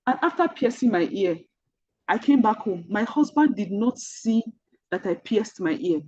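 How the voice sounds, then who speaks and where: Husky Nigerian woman, earnest storytelling. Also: mid-range voice, animated, moderate pace, warm tone, dry recording, lo-fi sound. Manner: earnest, repetitive storytelling that speaks directly to listeners. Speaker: mentor. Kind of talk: personal storytelling in an online mentorship session.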